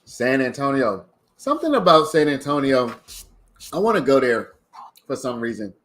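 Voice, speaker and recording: A man's voice: medium pitch, sing-song, normal speed, a bit bright. A man from Maryland hosting a casual livestream, chatting and reading out viewer comments. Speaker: livestream host.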